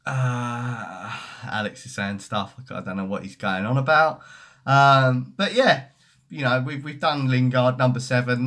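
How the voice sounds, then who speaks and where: A man's voice: medium pitch, fairly bright tone. A young man hosting a football fan live stream, chatting casually and swearing as he reads comments. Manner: sweary, mocking banter. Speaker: football fan livestream host.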